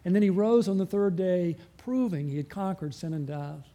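A man preaching a sermon as pastor, asking the congregation frequent rhetorical questions and slowing and dropping his voice for emphasis. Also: sits high, animated. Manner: varies pace and loudness, slowing and dropping for emphasis.

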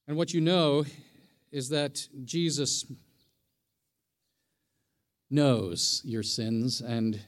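A man's voice: mid-range voice, drawn-out words, long pauses. A middle-aged man, a pastor, preaching a sermon in a conversational way, often asking the congregation questions.

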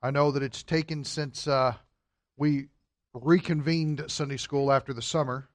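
A man's voice: mid-range voice, fairly even intonation, measured pace, dry recording, studio quality. A man teaching a Sunday school Bible class in an earnest, explanatory way, drawing out key words for emphasis.

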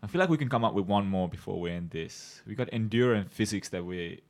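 Low-voiced man with an Eastern European accent. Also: fast talker. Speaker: podcast guest. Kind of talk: casual chat.

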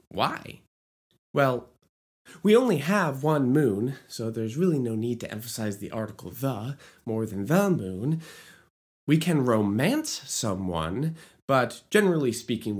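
Lively, playful musical theater teacher. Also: mid-range voice, a little slow. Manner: sings short lyric examples to demonstrate; playful asides, jokes about own bad accent. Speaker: musical theater writer teaching lyric writing. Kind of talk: educational video explainer.

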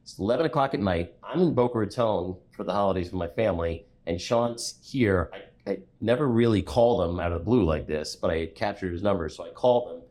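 A middle-aged man, a commercial real estate broker, telling stories from his career in a relaxed interview. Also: low voice, brisk, hardly any pauses. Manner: animated storyteller who acts out the people he quotes. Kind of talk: storytelling in a conversational interview.

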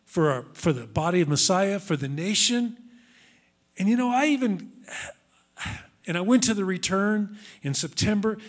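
A man giving a conversational sermon, earnest and searching, with frequent restarts and rhetorical questions. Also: high voice. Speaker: minister.

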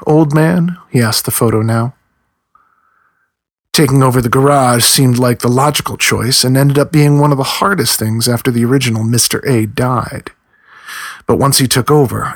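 A man narrating an audiobook chapter in measured storytelling, now and then voicing the characters' lines. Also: medium pitch, no echo. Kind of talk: scripted narration.

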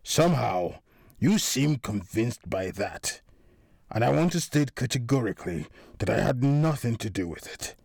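A man voicing a deep-voiced gang member who calmly denies the charges. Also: a little slow, creaky, no echo, studio quality, heavily acted. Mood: firm.

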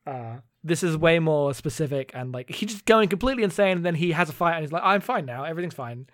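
A chatty man co-hosting a podcast and casually recapping an episode. His voice is fairly high and sounds close and dry, with lots of uhs and likes. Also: fast, dry recording. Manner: chatty, animated, full of fillers. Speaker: podcast co-host.

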